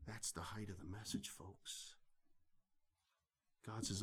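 Husky low-voiced preacher, pleading sermon. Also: male voice, fairly even intonation. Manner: pleading, with slow drawn-out phrases and sudden soft passages.

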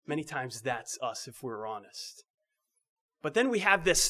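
A man preaching a sermon in a conversational way, asking rhetorical questions and dropping to a soft, quiet voice on key points. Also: medium pitch, animated, measured pace.

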